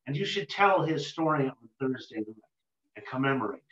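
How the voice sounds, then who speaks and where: A man telling a folk tale aloud in an unhurried, rhythmic way, with sudden lifts in his voice. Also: medium pitch, animated, fairly bright tone. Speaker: storyteller. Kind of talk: oral folk-tale storytelling. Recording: roomy dull lo-fi recording.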